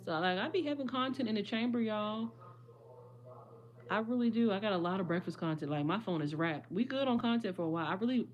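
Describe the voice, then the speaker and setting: A young woman, chatting casually with viewers on a livestream, her voice a little hoarse. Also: lowish voice, a little mellow. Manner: chatty, addresses viewers as y'all. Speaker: livestream host.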